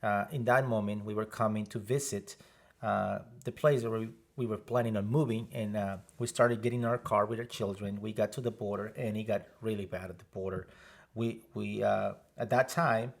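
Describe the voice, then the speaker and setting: A man from Mexico, co-hosting a casual faith podcast and talking haltingly with many restarts. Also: lowish voice, steady tone, vocal fry. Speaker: podcast co-host, missionary.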